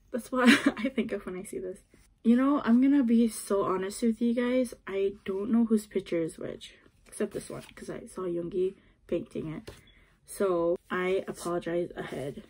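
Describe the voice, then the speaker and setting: A woman's voice: mid-range voice, a little mellow, husky. A woman chatting casually as she unboxes an album, gushing and giggling and often dropping to a whisper, recorded on a phone. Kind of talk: casual chat to camera.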